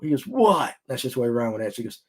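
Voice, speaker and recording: Racing along at medium pitch, a man hosts a casual fishing podcast. He tells stories with animation, performing other people's lines himself.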